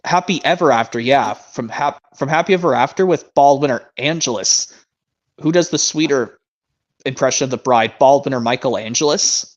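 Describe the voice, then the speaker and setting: A man's voice: mid-range voice, moderate pace. A young man streaming in casual chat, rambling and hesitant as he searches for his words. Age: young adult. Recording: dull lo-fi stream mic.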